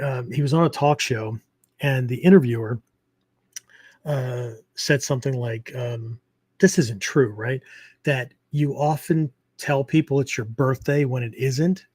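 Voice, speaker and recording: A man's voice: mid-range voice, moderate pace, darkish tone, dry recording. A man hosting a martial arts podcast, explaining ideas in a loose, rambling way with many fillers and frequent "okay?" check-ins. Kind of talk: casual teaching talk.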